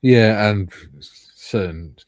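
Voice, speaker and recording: A man's voice: lowish voice, drawn-out words, no echo. An older man hosting a casual livestream, joking as he reads out viewers' comments. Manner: jokey, reads out chat comments. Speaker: livestream host.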